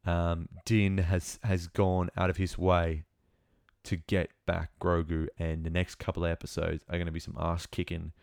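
Young man, low-pitched voice, dry close sound, excited rambling recap, lots of ums. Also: moderate pace, vocal fry, no echo. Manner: excitable, rambling, many fillers and restarts. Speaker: show reviewer. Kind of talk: casual episode recap.

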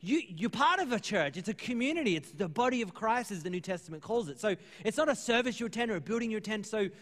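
Earnest high-voiced pastor in a hall. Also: male voice, animated, fast talker, a bit bright. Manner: conversational, earnest, acts out dialogue. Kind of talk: sermon.

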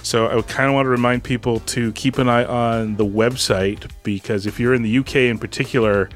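Chatty guy cohosting a podcast, wry, laughs a lot, faint music under it. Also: fairly low pitch. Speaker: podcast co-host. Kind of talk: casual chat.

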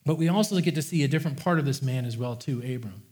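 A man's voice: mid-range voice, fast talker, a little mellow, a little hiss or hum. A man preaching a sermon, impassioned and repetitive, often restarting his words as he builds a point. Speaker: pastor.

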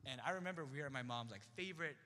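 A young man telling a personal faith story in a chatty, animated way, acting out the dialogue he quotes. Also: mid-range voice, very fast, big-room sound. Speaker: speaker sharing a testimony.

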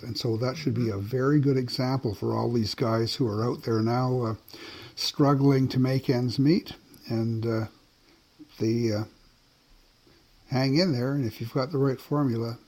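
A man's voice: medium pitch, dark tone. Chuckling older man telling stories. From Canada. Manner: anecdotal, chuckling storyteller. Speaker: podcast co-host, whisky writer. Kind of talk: casual chat.

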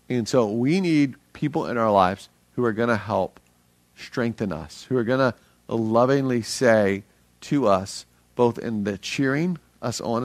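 A middle-aged man preaching a sermon as a pastor, energetic and earnest, speaking conversationally with frequent restarts. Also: mid-range voice, no echo.

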